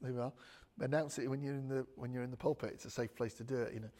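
A man's voice: medium pitch, fairly even intonation, very fast, dark tone. A man preaching a chatty, joking sermon full of asides. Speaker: pastor.

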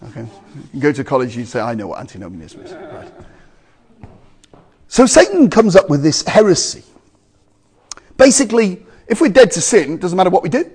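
High, lively-voiced man preaching a sermon. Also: brisk, long pauses, breathy edge. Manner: emphatic, swings between loud exclamations and quiet asides.

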